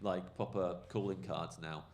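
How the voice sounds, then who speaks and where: A male comedian telling a rambling, animated anecdote on a podcast, full of fillers. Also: low-pitched, unhurried. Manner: rambling, animated storytelling, lots of fillers and swearing. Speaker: comedian guest.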